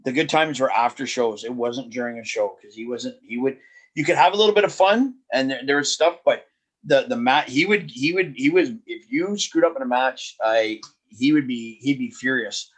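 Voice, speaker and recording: A man guest on a podcast, telling road stories in a lively, animated way, often restarting his sentences. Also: medium pitch, normal speed. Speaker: wrestling promoter and guest. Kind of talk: casual podcast storytelling.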